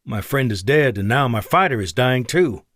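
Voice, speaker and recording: Brief: man doing a joking, affectionate jet pilot, lively pitch, dry studio read. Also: moderate pace, dry recording. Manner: wry, joking.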